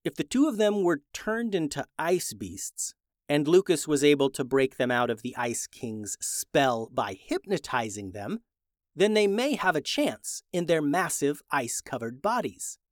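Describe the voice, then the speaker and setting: Male narrator for a kids' adventure story, slightly high voice, lively, close dry sound. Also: a little slow, dry recording.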